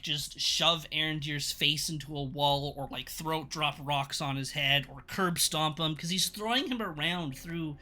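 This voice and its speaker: A man with a very bright, sharp voice chats casually through an episode recap on his stream. He pitches a bit high for a man and keeps the tone amused, with loose, rambling sentences. Faint music plays under him. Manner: rambling and amused, laughs at scenes, acts out quick quotes. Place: home streaming setup.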